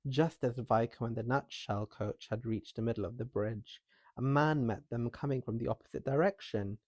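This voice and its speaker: A man reading a folktale aloud in calm scripted narration, with a soft and calming manner. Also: medium pitch, normal speed, dry recording. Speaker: storyteller.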